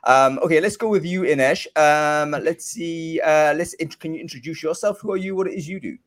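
A man hosting a live online show, chatty and filled with ums and uhs, talking from a room by a bright window. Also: a little high, brisk. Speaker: host.

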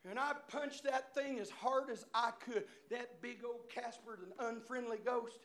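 A high-voiced male preacher with a bright, piercing tone. He preaches with shouted, animated storytelling that swings between loud and soft. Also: measured pace. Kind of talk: sermon.

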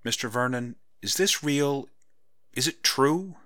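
A man's voice: mid-range voice, lively intonation, slow pace, pushed and bright, no room sound, studio quality, voice pushed up. A man voicing a wary, questioning young woman in a hesitant, searching manner.

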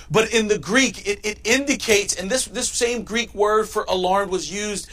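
Speaking a little slowly in a high-pitched voice, a male pastor delivers a sermon that alternates between forceful, loud lines and quiet ones.

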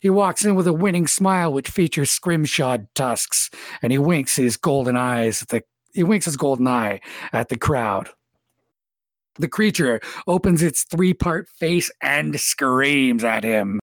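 A man's voice: medium pitch, animated, unhurried, no echo, clean studio sound. A man hosting a tabletop game as dungeon master, narrating scenes vividly and speaking to the players as "you".

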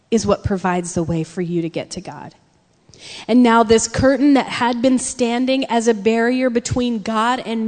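Woman preacher, a touch high, animated sermon storyteller, reverberant hall. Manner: animated storytelling with acted-out quotes. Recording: long reverb of a large hall.

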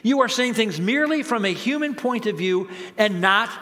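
A man's voice: high-pitched, expressive, normal speed, pushed and bright, in a large hall. A man voicing a stern male spiritual teacher who firmly rebukes a follower. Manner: firm, rebuking.

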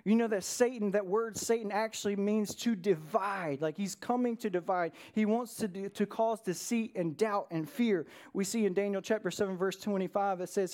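A male pastor delivering a lively sermon, his pitch swinging up and down as he preaches. He breaks off now and then for quick asides to the listeners before driving his point again. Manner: animated preaching with sudden asides to the congregation.

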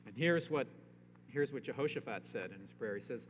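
A man's voice: medium pitch, lively intonation, fairly quick. Emphatic male pastor in a reverberant sanctuary. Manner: emphatic, rising to pleading rhetorical questions. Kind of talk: sermon. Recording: long reverb, faint hum.

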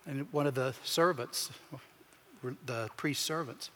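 A man preaching a sermon as pastor, with emphatic swings in pitch and loudness as he acts out the people he quotes. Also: slow pace, a little hiss or hum. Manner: preaching with emphatic shifts, acting out quoted voices. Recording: long hall reverb.

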